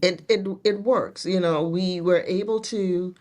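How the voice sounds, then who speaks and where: A woman's voice: on the low side, fairly even intonation, a little slow, a little mellow. A middle-aged woman, a guest in a casual interview, telling her story earnestly with many restarts. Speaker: guest, nurse executive.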